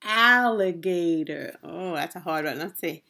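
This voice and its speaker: A woman teaching a video lesson to young children, slow and encouraging, pausing to let them answer. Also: mid-range voice, expressive, heavy background noise. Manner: slow, sing-song, encouraging, with questions and pauses for answers. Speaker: preschool teacher.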